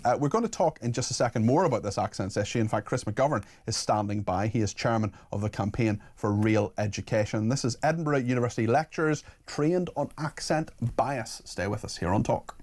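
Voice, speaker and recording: A Northern Irish man hosts a talk radio show, reading out listener messages. He chats informally at a mid pitch, with plenty of fillers and restarts. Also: fairly quick, hardly any pauses, darkish tone. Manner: chatty and informal, with frequent fillers.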